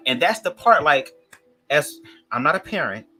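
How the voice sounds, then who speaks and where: Sassy Detroit man with swooping, lively pitch. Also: normal speed, soft background music, rough recording. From Detroit, USA. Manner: sassy, emphatic, swears freely, swoops up when riled. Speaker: commentary vlogger. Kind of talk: opinionated reaction commentary.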